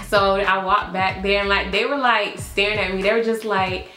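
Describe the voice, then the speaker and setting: A woman's voice: mid-range voice, fairly even intonation, normal speed, bright, forceful tone, roomy sound, faint music behind. A woman, telling a casual storytime as a vlogger, chatty and laughing, full of "like" and "y'all". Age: early 20s.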